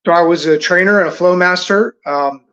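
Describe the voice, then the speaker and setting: A man guest on a podcast, explaining his views in a measured, earnest way. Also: high voice, a bit bright, dull audio. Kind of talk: casual chat.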